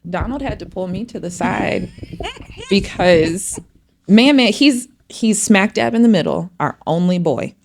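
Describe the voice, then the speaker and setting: A woman's voice: mid-range voice, a little slow, creaky. A middle-aged woman co-hosting a podcast, telling family stories in casual chat and acting out what each person said. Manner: animated storyteller, acts out family quotes. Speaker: podcast co-host.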